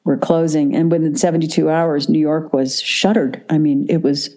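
An older woman, an actress, telling lively stories as a guest in a casual interview, laughing easily as she talks. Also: deep voice, normal speed. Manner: animated, chatty, laughs easily.

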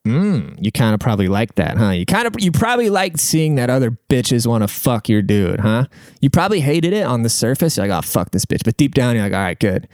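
Young man, podcast advice host, crude, emphatic, smooth resonant voice, dead dry sound. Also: mid-range voice, very animated, brisk, darkish tone, no echo. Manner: profane, blunt, emphatic. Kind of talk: crude casual advice rant.

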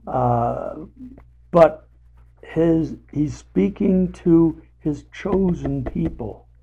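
A man leading a casual Bible study, talking haltingly with many fillers and restarts, and putting emphasis on paraphrased scripture. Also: on the high side, vocal fry, slightly rough, highs cut off.

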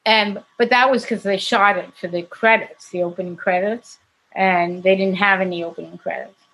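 A woman's voice: medium pitch, steady tone, moderate pace, a bit bright, rough recording. A woman, an actress, casually telling anecdotes in an interview, chatty and laughing often. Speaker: actress guest.

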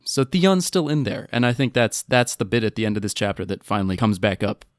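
A man with a lowish voice talks as a podcast guest in easy, laughing chat. His speech is animated when he retells a scene. The sound is dry and close, with no room around it. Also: a little fast, dry recording.

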